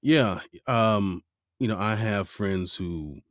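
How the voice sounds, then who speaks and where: A man's voice: lowish voice, animated, takes it slowly, no room sound, clean studio sound. A man hosting a podcast interview, talking in a laid-back, reflective way. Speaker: podcast host. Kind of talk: casual interview chat.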